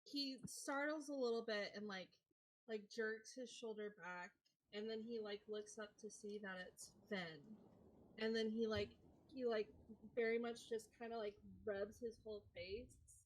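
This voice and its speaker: A woman's voice: fairly high pitch, fairly even intonation, unhurried, a little hiss or hum, poor audio. A woman player casually describing her character's actions, rambling with constant "like"s. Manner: rambling, packed with "like". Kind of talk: casual game narration.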